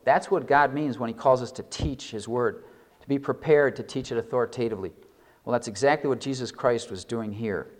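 Here a male pastor gives a sermon, reading scripture deliberately and slowly with an expressive voice. He leans hard on key words, with large changes in pitch and loudness, and lingers on key phrases.

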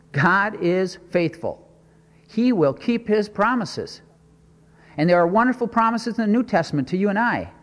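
A man's voice: a little high, big-room sound. A man preaching a sermon, stressing and repeating his points and asking rhetorical questions.

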